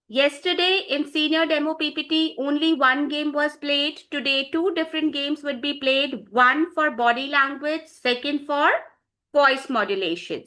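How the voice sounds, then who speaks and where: A woman trainer, leading teachers through an online session. She speaks high in her range, in a brisk, directive way, and calls on participants by name. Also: bright, forceful tone.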